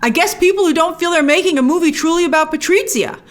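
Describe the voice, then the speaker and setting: A woman hosting a spoiler movie review, opinionated and animated, acting out lines she quotes. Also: very high-pitched, fast.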